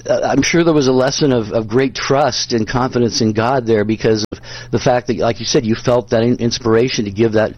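A man's voice: medium pitch, fairly even intonation, brisk, no echo, lo-fi sound. A male host reflecting back on a guest's story in an interview talk show.

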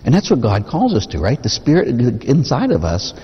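A man's voice: medium pitch, huge pitch swings, moderate pace, husky, muffled recording. A man preaching a sermon as a Catholic priest, talking conversationally and posing rhetorical questions to the congregation. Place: church. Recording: long reverb of a church.

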